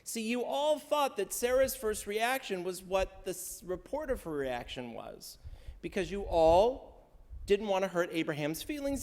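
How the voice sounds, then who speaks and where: A man's voice: sits high, sing-song, unhurried, a little mellow, big-room sound. A male rabbi giving an interactive sermon in a synagogue service, talking conversationally, quizzing the congregation and slipping in wry jokes. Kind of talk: interactive sermon teaching the weekly Torah portion. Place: synagogue sanctuary during a service.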